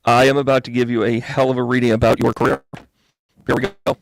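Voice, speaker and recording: Chatty man with a gravelly voice. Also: mid-range voice, a little fast, no room sound. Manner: chatty, rambling, jokey, bursts of excitement. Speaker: psychic medium reading tarot. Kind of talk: live astrology and tarot reading.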